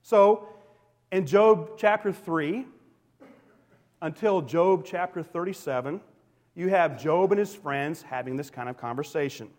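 A male pastor preaching a sermon in a church, emphatic and swinging between loud declarations and hushed, quiet lines. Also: fairly high pitch, a little slow. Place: church sanctuary. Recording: long hall reverb.

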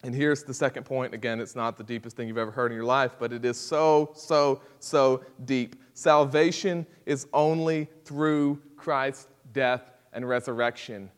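A man preaching a sermon at a church service, swinging from hushed intensity to loud, impassioned delivery. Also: medium pitch, fairly even intonation, a little slow, few pauses, clean tone, in a large hall. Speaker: pastor.

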